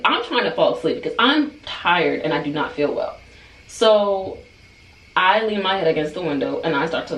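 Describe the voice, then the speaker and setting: A woman in her twenties telling a story in a vlog, animated and chatty, with a lot of "like.". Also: mid-range voice. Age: 20s. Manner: animated, chatty, heavy use of "like". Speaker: hairstylist and vlogger. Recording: echoey room, far from mic.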